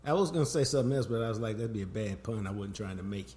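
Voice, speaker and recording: A man, hosting a casual sports podcast and telling stories with big swings in pitch and loudness. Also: very fast. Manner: animated, storytelling, wide swings in pitch and loudness. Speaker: podcast host. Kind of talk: casual sports talk chat.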